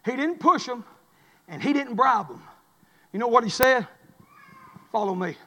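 A man's voice: very high-pitched, expressive, normal speed, pushed and bright. A man preacher, delivering an impassioned, repetitive sermon in a church. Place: church sanctuary. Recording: long hall reverb.

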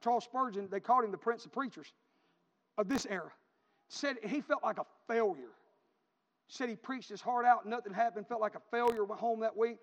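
A man's voice: high-pitched, fairly quick. A man preaching a sermon as a pastor, telling stories with fervent repetition. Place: church sanctuary. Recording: dull lo-fi recording with long church reverb.

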